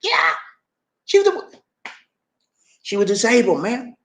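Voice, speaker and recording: A man giving animated, preachy commentary on a news story, playful and repetitive, with questions for his audience. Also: very high voice, slow pace. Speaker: commentary channel host.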